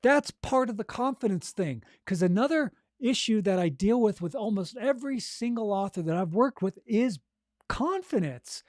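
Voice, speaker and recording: A man coaching authors on narrating their audiobooks, talking casually and demonstrating breathing and voice warm-ups. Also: sits high, lively intonation, normal speed, dry recording, clean studio sound. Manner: encouraging, conversational, frequent "okay?" and "right?". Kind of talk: coaching monologue.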